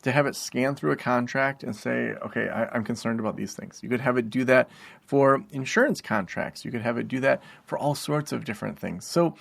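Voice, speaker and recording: A man's voice: mid-range voice, fairly quick, creaky, a bit bright, no room sound. A man hosting a solo podcast, explaining tips in a casual, rambling way with lots of fillers and asides. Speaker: podcast host and private practice consultant.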